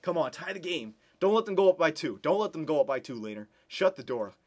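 A man commentating on a hockey video game, emotionally pleading with his team and breaking into excited yells. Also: on the high side, fast talker.

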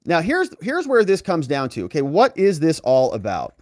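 A male host delivering political commentary with a lively, swinging pitch and emphatic bursts. His voice sits a bit high for a man, recorded dry and close. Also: moderate pace, dry recording. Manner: animated, emphatic, talks straight to viewers.

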